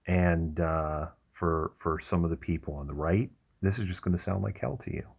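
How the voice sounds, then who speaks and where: A man hosting a livestream, telling rambling stories in a relaxed chat with frequent chuckles. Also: low voice, a little fast, vocal fry, few pauses, slightly rough. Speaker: livestream host. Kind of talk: casual chat.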